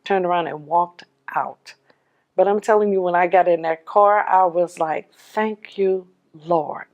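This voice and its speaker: A middle-aged widow giving a personal testimony, telling her story in an animated way and acting out the dialogue. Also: lowish voice, unhurried, highs cut off.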